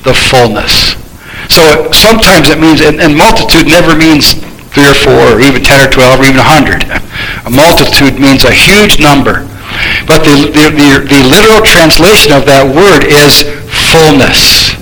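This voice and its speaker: A man preaching a sermon, emphatic, repeating words and rising to shouts on key points. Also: on the high side, moderate pace, a little hiss or hum, low-quality recording.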